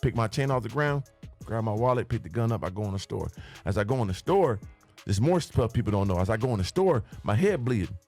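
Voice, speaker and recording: A man's voice: lowish voice, lively intonation, fast, a little mellow, soft background music. A man telling the story of his life as a podcast guest, with vivid, profane scene-by-scene storytelling and spoken sound effects. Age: older than the hosts. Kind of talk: animated storytelling.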